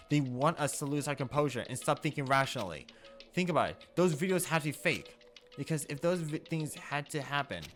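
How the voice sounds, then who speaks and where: A man reading an earnest, steady teenage boy. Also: mid-range voice, lightly acted. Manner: soothing, earnest.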